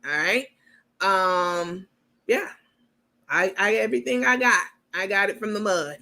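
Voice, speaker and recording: A woman host from New York talks straight to her audience in a loose, candid chat. Her voice is bright and forward, and she leans on y'all and baby as she brags on herself. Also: mid-range voice, lively intonation, unhurried, creaky. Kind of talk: casual commentary to viewers.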